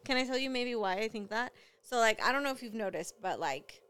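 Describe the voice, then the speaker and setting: Animated storytelling woman, smooth voice. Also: fairly high pitch, brisk. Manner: animated storyteller who acts out quoted voices. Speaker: podcast co-host, parent. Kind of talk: casual chat.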